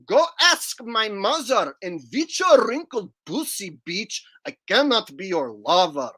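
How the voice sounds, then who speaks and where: A man voicing a brash young Russian man, singing a rap story in a sing-song, shouting, melodramatic way with a Russian accent. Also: high-pitched, sing-song, unhurried, exaggerated voice. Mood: indignant. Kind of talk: comedic song parody.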